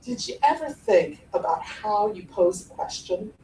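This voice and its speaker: Unhurried and mid-range, a woman from the Cleveland area gives a playful, animated workshop talk on podcast voice technique, showing off tones of voice. The recording comes from a distance in an echoey conference room with an audience, and has a little hiss or hum.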